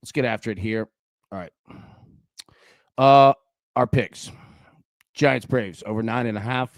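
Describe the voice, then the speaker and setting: A young man hosting a casual live sports-betting show, chatty and animated, calling people "dude" and "man". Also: medium pitch, unhurried, no room sound, clean studio sound. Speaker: host.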